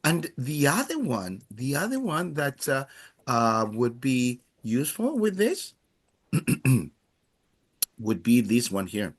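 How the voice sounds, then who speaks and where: A male language teacher talks at a slow, unhurried pace to his class. His pitch rises and falls a lot as he explains, and he pauses often with hesitant fillers. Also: wildly swooping pitch, slightly rough. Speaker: Spanish teacher.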